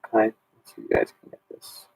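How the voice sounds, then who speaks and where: A man's voice: fast, a little mellow, poor audio. A man in his thirties, a history teacher running a casual exam review Q&A and talking in a chatty way with many ums and restarts.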